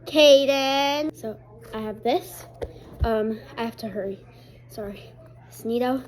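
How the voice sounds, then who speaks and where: Her voice is a little high, steady, mellow, and a bit slow. She's a young woman doing a casual home vlog, showing her things and chatting with lots of fillers, with a TV playing in the background.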